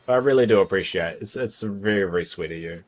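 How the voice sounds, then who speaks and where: At home indoors, a male streamer chats casually on a livestream, rambling and tripping over his words while reading out donations. He has a deep voice and talks fast.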